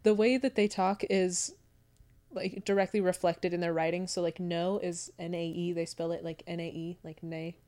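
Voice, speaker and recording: Low-voiced woman laughing through casual chat. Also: fairly even intonation, normal speed, warm tone, dry recording. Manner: laughs often, reads quotes aloud. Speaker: podcast co-host. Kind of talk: casual chat, reading research notes.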